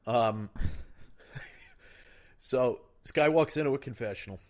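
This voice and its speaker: A man hosting a casual chat, telling crude jokes in an animated way and laughing at his own punchlines. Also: medium pitch, slow pace. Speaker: podcast host.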